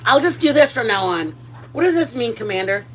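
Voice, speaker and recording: Middle-aged woman, high bright-toned voice, rambling self-deprecating home-cooking vlogger. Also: expressive, brisk, background noise. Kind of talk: casual chat.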